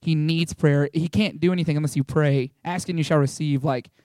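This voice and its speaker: A young man giving an informal, rambling testimony to a small church, excitable and full of fillers and restarts. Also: fairly high pitch, fairly quick, no room sound, studio quality. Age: young adult.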